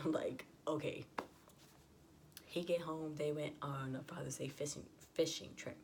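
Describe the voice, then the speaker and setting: A woman's voice: low voice, fairly even intonation, a little slow, slight background noise. A young adult woman vlogger telling a personal story in a chatty, casual way, full of "like" and quoted dialogue.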